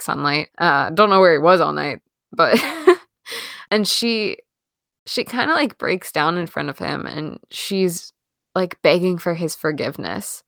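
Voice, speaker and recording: A woman co-hosting a podcast, recapping a film in animated casual chat with many fillers and restarts. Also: on the low side, vocal fry, no echo, studio quality. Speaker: podcast co-host.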